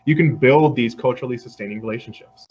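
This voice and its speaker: A man's voice: mid-range voice, quick pace. Earnest man lecturing over a video call. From Puerto Rico. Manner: earnest, conversational, lively with frequent fillers. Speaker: guest lecturer. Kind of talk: online lecture and Q&A. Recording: slightly dull video-call audio with faint background noise.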